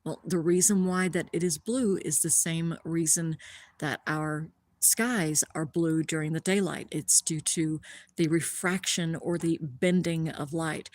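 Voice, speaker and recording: A woman hosting a live stream of a lunar eclipse, explaining the view and gushing with awe, often dropping to a hushed whisper. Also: fairly low pitch, dry recording. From Columbus, Ohio area. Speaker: livestream host showing a telescope view. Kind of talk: live-streamed stargazing commentary.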